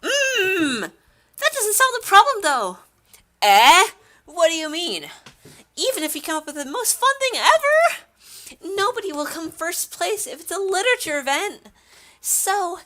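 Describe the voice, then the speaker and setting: A bubbly, cheerful teen girl with a squeaky, very high, sing-song voice, as a woman reads her from a game. Her pitch leaps about with bright excitement. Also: normal speed, heavily acted. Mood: earnest. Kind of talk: reading game dialogue aloud.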